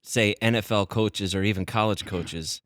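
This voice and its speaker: A man's voice: fairly low pitch, moderate pace, a bit bright, no room sound. A man co-hosting a sports talk radio show in a studio, speaking bluntly and with strong opinions. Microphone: studio mic.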